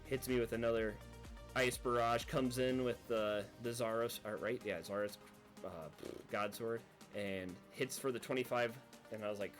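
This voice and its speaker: A man giving casual, rambling commentary over his own gameplay video, laughing at his own panic and acting out quick asides. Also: mid-range voice, steady tone, faint music behind. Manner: rambling, self-deprecating, recounts panic with quoted asides. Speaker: gaming video creator.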